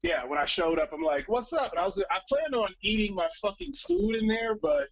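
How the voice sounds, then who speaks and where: A man casually telling a story on a live stream, profane and animated, acting out the voices of other people. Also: high-pitched, a little fast, breathy edge, muffled recording.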